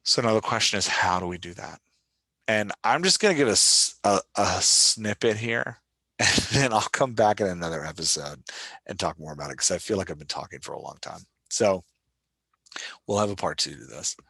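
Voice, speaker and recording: A man's voice: low-pitched, lively intonation, normal speed, gravelly, pushed and bright, husky, no room sound. A man from Louisiana with a leftover Southern accent, hosting a solo podcast that teaches writing, self-deprecating and often checking in with "right?". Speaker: podcast host.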